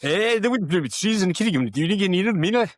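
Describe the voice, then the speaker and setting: A man voicing a local Scottish man with a thick, broad accent, giving rapid, hard-to-follow directions. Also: sits high, lively intonation, no echo, studio quality, pitched above the performer's own voice. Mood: helpful.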